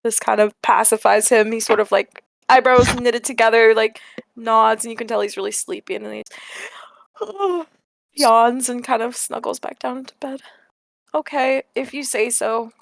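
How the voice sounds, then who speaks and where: A woman's voice: fairly high pitch, fairly even intonation, fairly quick, creaky, no echo. A woman playing a tabletop game, describing her character playfully in the third person. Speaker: player.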